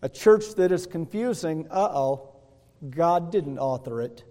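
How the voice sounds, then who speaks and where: A pastor with a warm, slightly high voice preaches a little slowly with lively intonation. His folksy sermon in the church sanctuary keeps checking in with the congregation by asking "Hello?", and the long hall reverb lingers.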